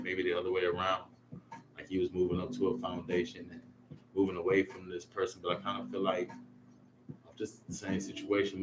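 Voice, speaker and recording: A man giving a casual tarot reading to camera, talking in a laid-back, slangy, rambling way. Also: sits low. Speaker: tarot reader. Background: lo-fi music playlist.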